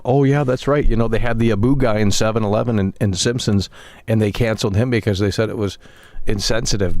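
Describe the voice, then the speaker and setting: On a dry recording, a young man whose voice is low and darkish goes on a profane, repetitive rant aimed at his stream chat.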